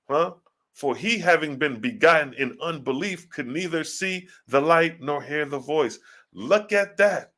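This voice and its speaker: Male scripture teacher, slightly high voice; slow verse reading broken up by rapid slangy commentary. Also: fairly bright tone. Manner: reads verses slowly, then comments in fast street slang.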